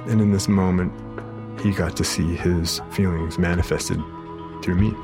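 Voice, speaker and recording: A therapist telling an emotional story from his practice, halting often with fillers. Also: low voice, fairly even intonation, music in the background. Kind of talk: personal storytelling.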